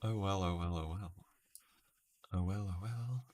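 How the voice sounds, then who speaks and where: Low, unhurried man streaming a word puzzle. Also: darkish tone. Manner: muses aloud over guesses, reads out viewers' comments. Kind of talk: casual live-stream commentary. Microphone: webcam stream setup.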